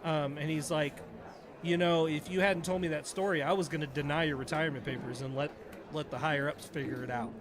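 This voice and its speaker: A man's voice: on the high side, steady tone, fairly quick, crowd noise. A middle-aged man, a retired Navy chief, casually telling a story on a podcast and acting out the dialogue.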